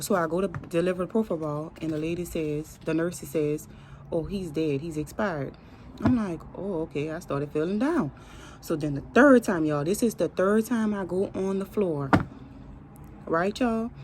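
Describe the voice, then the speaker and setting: Earnest woman vlogger, slightly low voice. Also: darkish tone, slight background noise. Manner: addresses viewers as y'all, earnest and emotional. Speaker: pharmacy technician vlogger. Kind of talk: casual storytelling to camera.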